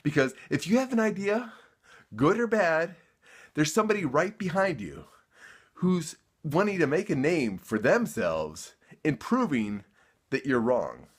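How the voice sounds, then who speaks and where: A man's voice: fairly high pitch, very animated, a little slow, breathy edge. Fired-up man ranting to camera. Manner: worked up, emphatic, repeats himself when heated; sarcastic. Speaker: vlogger. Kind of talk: heated rant to camera.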